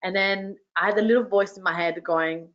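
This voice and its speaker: Energetic woman coach, lo-fi call audio. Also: mid-range voice. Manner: energetic, enthusiastic, quick bursts of praise. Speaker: workshop host and business coach. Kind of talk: motivational storytelling to an online audience. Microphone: video call.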